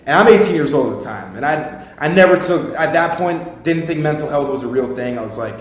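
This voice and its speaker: A man's voice: lively intonation, fast. A young man in his twenties, a podcast host telling a rambling, informal personal story and swearing freely. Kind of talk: casual storytelling. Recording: very echoey room, faint rumble.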